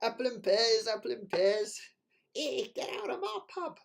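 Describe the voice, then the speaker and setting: A man's voice: very high voice, very animated, normal speed, creaky, voice pushed up, full character voice. A West Country man putting on an exaggerated, tongue-in-cheek Cockney accent as a brash male pub landlord. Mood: jokey. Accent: Cockney, put on.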